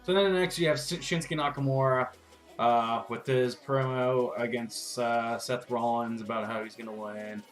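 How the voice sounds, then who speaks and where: A man's voice: medium pitch, fairly even intonation, moderate pace. A man giving a casual, profane, rambling recap rant as a wrestling vlogger, with frustrated asides.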